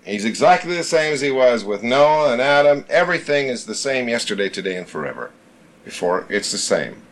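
A man's voice: mid-range voice, sing-song, fairly quick. A man leading a small-group Bible study, teaching emphatically, repeating his points and reading scripture aloud.

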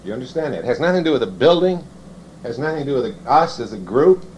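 A man delivers a sermon, reading scripture slowly and then teaching in a halting, self-correcting way. His voice sits at a middle pitch. The recording is dull and lo-fi with a faint hiss underneath. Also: sing-song, a little mellow. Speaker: preacher. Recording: dull lo-fi sound with faint noise.

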